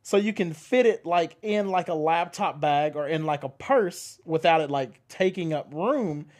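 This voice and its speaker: Male podcast co-host, lively swinging pitch, loose profane chat, quick to laugh. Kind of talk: casual chat.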